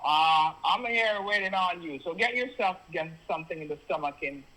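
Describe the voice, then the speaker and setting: A Jamaican-accented man with a high, very bright voice talks over the phone. He repeats his instructions insistently, in broken grammar. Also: expressive, moderate pace, rough recording. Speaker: phone scammer. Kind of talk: phone call.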